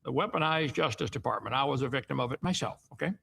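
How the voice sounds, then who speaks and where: A man's voice: mid-range voice, quick pace, vocal fry, a bit bright, a little hiss or hum. A middle-aged man reading Bible passages aloud and breaking off into casual, slangy asides as a Bible teacher. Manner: reads scripture then asides in plain slang. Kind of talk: informal Bible reading with commentary.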